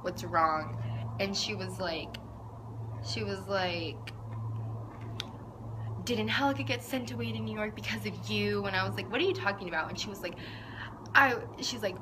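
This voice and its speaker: A woman's voice: medium pitch, moderate pace, pauses often. Chatty teenage girl telling a story. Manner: chatty, says "like" a lot. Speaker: vlogger. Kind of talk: casual storytelling. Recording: audible background noise.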